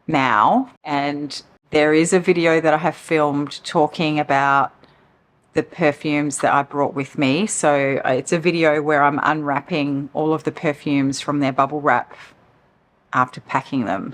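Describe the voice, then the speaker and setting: A woman chatting casually to camera from her couch, rambling and open about her feelings. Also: sits low. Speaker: perfume vlogger. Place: living room, on the couch.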